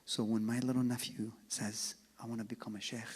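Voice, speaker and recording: Male speaker giving a religious talk, husky, moving from loud calls to hushed asides, in a long-reverb hall. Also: mid-range voice, little pitch movement, brisk, few pauses. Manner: swings from loud calls to hushed near-whispers; acts out both sides of a story. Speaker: speaker at an Islamic center.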